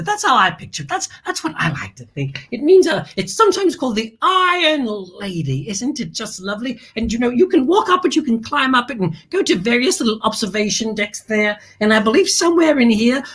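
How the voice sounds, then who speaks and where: A woman's voice: high voice, pushed and bright, breathy edge, heavily acted. A woman playing a grand, glamorous lady who hosts a children's show, gushing and calling everyone darling. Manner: flamboyant, calls everyone darling. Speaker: host. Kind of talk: theatrical kids' show hosting.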